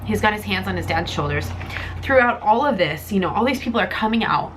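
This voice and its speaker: A woman's voice: medium pitch, lively intonation, fairly quick, background noise. A young woman reviewing a comic in a casual vlog, rambling and emotional, close to tears. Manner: emotional, rambling, tearful at times.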